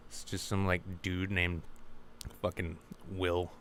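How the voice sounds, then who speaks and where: A man co-hosting a comedy podcast, chatting crudely and jumping into high mocking voices for the people in his stories. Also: unhurried, a bit bright. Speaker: podcast co-host. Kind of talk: casual comedic chat.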